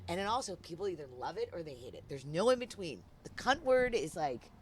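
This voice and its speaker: A woman's voice: on the low side, very animated, fairly quick, a little hiss or hum. A woman artist telling stories in a casual chat, swearing freely and acting out other people's lines. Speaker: artist guest. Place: outdoor patio.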